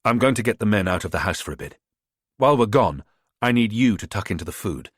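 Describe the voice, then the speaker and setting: Calm, resourceful man with a low voice, laying out a plan in short, practical sentences; a man plays him. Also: slightly rough, no room sound, studio quality. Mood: calm, scheming. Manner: calm, brisk, matter-of-fact. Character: resourceful man, calm under pressure, plotting.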